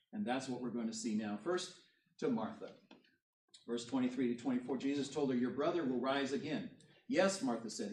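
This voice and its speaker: A man's voice: medium pitch, a little mellow, a little hiss or hum. A male pastor preaching a sermon, reading scripture aloud and then explaining it, pressing harder on the key points. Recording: roomy echo, voice from far off the mic.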